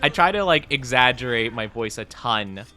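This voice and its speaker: A man's voice: mid-range voice, lively intonation, normal speed, sharp tone. A man streaming a game, chatting casually with his viewers in playful, self-deprecating banter. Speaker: gaming streamer. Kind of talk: casual live-stream chat while gaming.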